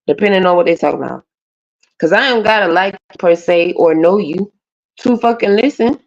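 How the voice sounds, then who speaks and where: A woman's voice: medium pitch, creaky. A woman, ranting bluntly and profanely as a panelist on a live stream. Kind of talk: casual rant on a live panel. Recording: dull lo-fi stream audio.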